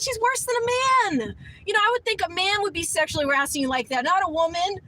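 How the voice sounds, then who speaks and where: A middle-aged woman telling a story in a casual, animated way, laughing often, her voice shooting up high when she is outraged. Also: fast, background noise.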